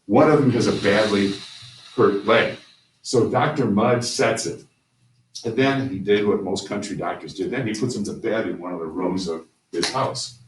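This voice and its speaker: A man teaching a history class, telling the story conversationally with frequent restarts. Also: on the low side. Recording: roomy, distant mic with faint ambient noise.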